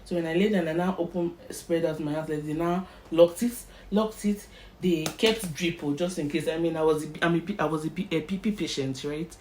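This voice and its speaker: A young Nigerian woman with a Nigerian accent, telling a personal story in an animated storytime vlog and slipping into Pidgin. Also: low-pitched, a little fast, a little hiss or hum. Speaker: vlogger.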